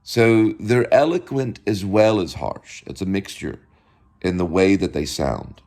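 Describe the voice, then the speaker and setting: A man's voice: deep voice, a little slow, a little mellow. A man hosting a casual home video, lecturing and drilling the same words over and over. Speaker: show host.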